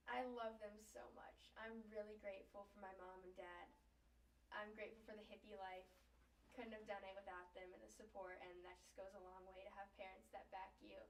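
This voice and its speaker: A woman's voice: medium pitch, level tone, fairly quick. Chatty young woman in an echoey room. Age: young adult. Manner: chatty, lots of "like" fillers, emotional. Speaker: guest, Olympic skateboarder. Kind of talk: casual interview storytelling. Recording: echoey room, distant mic, faint noise.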